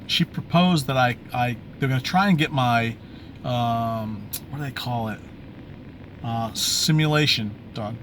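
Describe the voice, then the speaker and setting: A man's voice: mid-range voice, a bit bright. Man, video-diary vlogger, candid and rambling, phone mic outdoors with faint background noise. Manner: candid, rambling, with many fillers and restarts. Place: outdoors in bright sun, maybe by a vehicle.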